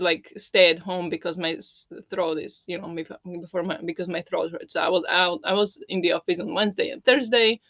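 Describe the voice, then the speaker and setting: A streamer chatting casually at home, keeping the voice low and soft because of a sore, swollen throat. The sound is dry and a little muffled, and the voice sits at a middling pitch. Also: dry recording. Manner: talking softly with a held-back, lowered voice. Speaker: livestream host. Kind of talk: casual chat with viewers.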